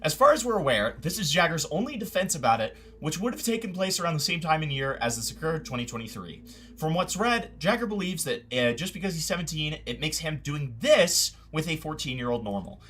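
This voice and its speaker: A male host in casual commentary chat, stammering and exasperated as he works through his points. His voice is bright and forceful. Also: fairly high pitch, sing-song, fairly quick, slightly rough.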